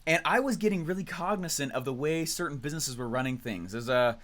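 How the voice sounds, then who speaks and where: Male trainer, 30s, upbeat storyteller, pitched a touch high, keeps tagging lines with "right?". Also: expressive, fast talker, fairly bright tone. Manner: high energy, storytelling, frequent "right?" and "okay?". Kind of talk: energetic motivational training talk.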